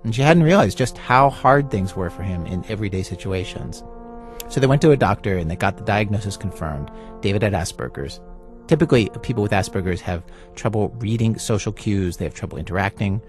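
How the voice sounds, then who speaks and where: A man hosting a radio story, narrating and interviewing in a conversational, lively way. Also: fairly low pitch, a little fast, faint music behind. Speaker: radio host.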